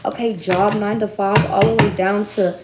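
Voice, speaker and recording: Young woman in her twenties, chatty and animated, speaking in an echoey room. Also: medium pitch, moderate pace, very noisy. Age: 20s. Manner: animated, talkative, slangy, swings between loud and hushed. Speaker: tarot reader and streamer. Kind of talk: casual storytelling to viewers.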